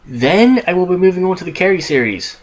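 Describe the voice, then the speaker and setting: A man's voice: sits high, very animated, fairly quick. A young man casually reviewing a film on his podcast, rambling with frequent restarts, asides and casual swearing. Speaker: movie reviewer, podcast host.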